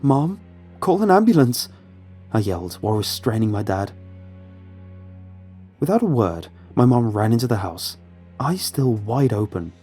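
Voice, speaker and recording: A man narrating a horror story in a measured, dramatic way. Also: lowish voice, animated, warm tone, breathy edge, soft background music.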